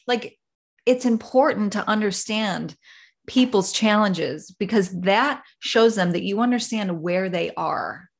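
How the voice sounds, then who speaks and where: A woman's voice: medium pitch, animated, measured pace, gravelly. A woman hosting a solo podcast, talking casually and rambling, with many fillers and acted-out examples. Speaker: podcast host.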